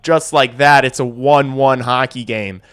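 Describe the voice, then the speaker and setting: A man's voice: mid-range voice, fairly even intonation, unhurried, fairly bright tone, a little hiss or hum. A young man hosting a hockey watch-along stream, calling the play casually, swearing freely and talking to his chat. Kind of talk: casual live play-by-play reaction.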